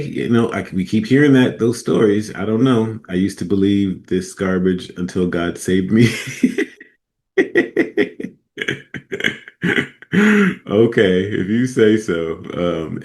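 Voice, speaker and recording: A man with a very low, deep voice hosts a casual talk show, reacting to clips. He rambles loosely, chuckles often and leans on fillers as he goes. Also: a little mellow. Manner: laid-back, chuckling, rambling with many fillers. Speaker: host. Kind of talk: casual commentary on played clips.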